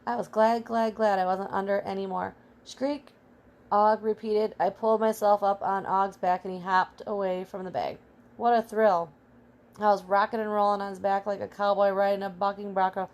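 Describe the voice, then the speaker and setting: A woman's voice: mid-range voice, moderate pace, close to an everyday voice. A woman reading as a small brave male pet hamster, telling his adventure in first person. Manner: earnest, excitable first-person storytelling.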